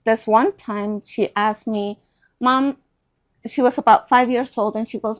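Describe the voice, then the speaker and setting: A middle-aged woman telling a personal story in a casual chat, animated and acting out the voices of the people in it. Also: a little high, takes it slowly, pauses often. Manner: animated, acts out quoted voices.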